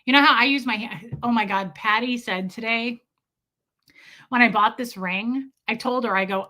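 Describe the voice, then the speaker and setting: A woman's voice: on the high side, moderate pace, sharp tone. A woman chatting casually with viewers on a live stream, laughing often and greeting people by name.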